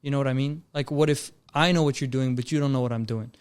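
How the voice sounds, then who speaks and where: A young man from Canada talks fast in a smooth, clear voice. He spins a story like a podcast guest chatting with friends and tosses in "bro" and "dude" easily. His pitch sits in the middle. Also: fairly even intonation, a little mellow. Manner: laid-back, calls people bro and dude. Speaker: guest filmmaker. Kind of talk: casual storytelling chat.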